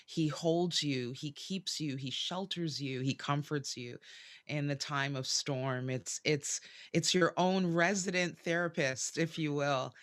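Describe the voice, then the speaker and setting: A woman guest on a faith talk show, answering in a halting way that often repeats words before they come. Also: deep voice. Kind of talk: interview answers.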